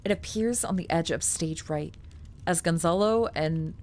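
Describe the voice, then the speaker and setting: A woman's voice: fairly low pitch, unhurried, darkish tone. A woman streamer reading a document aloud, breaking off into chatty, filler-heavy asides and casual swearing.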